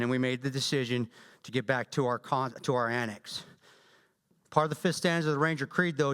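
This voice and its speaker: A man with a Southern drawl, speaking as guest speaker and telling his story to a church audience in a blunt, joking, animated way. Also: mid-range voice. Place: large church hall. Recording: long echo of a large church hall.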